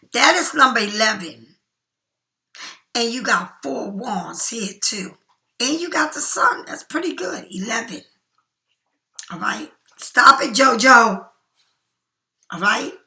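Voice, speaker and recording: Gravelly, bright-voiced chatty tarot reader woman. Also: a little high, lively intonation. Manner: chatty, emphatic, slips into slow soft whispers. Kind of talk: casual spiritual tarot reading.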